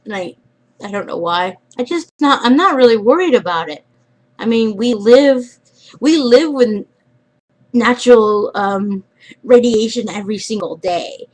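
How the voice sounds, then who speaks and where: A young woman chatting casually in a vlog, rambling and trailing off, often dropping into quiet mumbles. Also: fairly high pitch, lively intonation, unhurried, low-quality recording. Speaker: vlogger.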